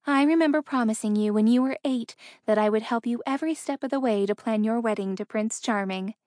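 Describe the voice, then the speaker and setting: A woman's voice: on the high side, a little fast, a little mellow, no echo, clean studio sound, natural voice. A woman doing a tender, caring mother. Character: caring middle-aged mother, warm and gentle. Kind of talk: audiobook character reading.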